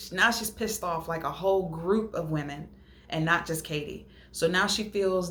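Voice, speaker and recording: A woman's voice: lowish voice, a little hiss or hum. A woman host retelling a reality show episode in a casual, gossipy way, laughing and acting out what people said. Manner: gossipy, animated retelling with mimicked quotes and laughter. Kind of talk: casual recap chat.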